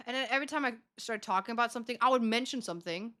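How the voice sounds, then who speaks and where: A woman's voice: a little high, racing, few pauses, a bit bright. A young woman streaming, chatting casually to her viewers, self-mocking and laughing often as she acts out conversations.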